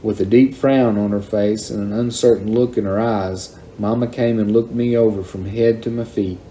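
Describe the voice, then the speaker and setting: A man reading a children's novel aloud in a plain, unhurried storytelling manner. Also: lowish voice, fairly even intonation, mellow, slight background noise. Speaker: reader.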